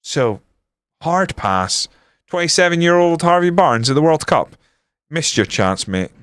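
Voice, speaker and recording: A man's voice: on the high side, sing-song, unhurried, a bit bright, smooth, no echo, clean studio sound. A Scottish man streaming a football management game, chatting bluntly with lots of swearing and jokes. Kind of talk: casual gameplay commentary.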